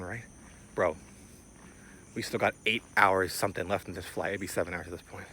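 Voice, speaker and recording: A young man casually telling a rambling travel story, full of slang and fillers, his voice jumping higher when he recalls panicking. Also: a little fast, long pauses, fairly bright tone, slight background noise. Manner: rises in pitch when retelling panic. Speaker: vlogger.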